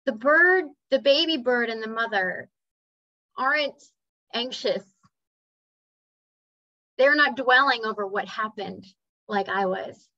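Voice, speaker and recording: A woman's voice: high voice, pushed and bright, no echo. A woman sharing a personal story in a casual, earnest talk, now and then acting out voices and bird sounds. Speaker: spiritual speaker. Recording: slightly dull dry recording.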